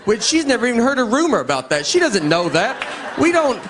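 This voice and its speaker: Deadpan rambling stand-up comedian, man. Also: very high-pitched, brisk, noisy background. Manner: deadpan, rambling, restarts his sentences. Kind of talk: stand-up set before a laughing audience.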